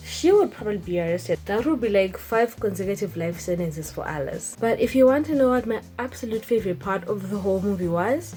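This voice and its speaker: A woman's voice: medium pitch, fairly quick, few pauses, poor audio. A young woman, chatting casually and expressively to camera in a vlog. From Zimbabwe. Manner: animated, expressive, emphatic. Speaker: vlogger.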